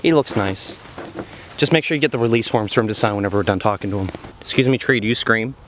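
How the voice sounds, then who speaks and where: A man playing a news reporter in a comedy sketch outdoors, talking in a deadpan, rambling way. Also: fairly low pitch, fast talker, background noise.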